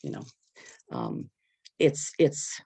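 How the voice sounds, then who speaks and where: Heard over a video call, a panelist in an unscripted discussion speaks earnestly but haltingly, hunting for words amid many fillers and nervous laughs. The voice has a darkish tone, and there's no echo.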